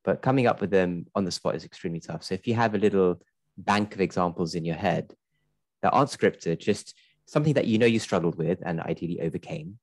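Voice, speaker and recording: Man, very low-pitched, dry recording, casual host chat, upbeat, says "right?" often. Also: brisk, no room sound. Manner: upbeat, conversational, tags with "right?". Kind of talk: casual webinar talk.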